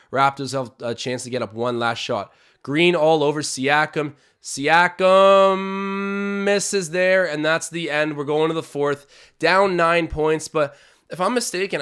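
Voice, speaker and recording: A young man from Canada hosting a live basketball watch-along, calling plays and chatting with his viewers, animated and swinging from hype to groans. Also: a little high. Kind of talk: excited live game commentary with chat.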